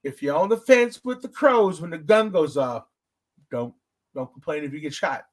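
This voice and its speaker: A man hosting a podcast, telling stories in a casual, profane, animated way. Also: moderate pace. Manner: animated, profane storytelling with big pitch swings. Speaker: podcast host.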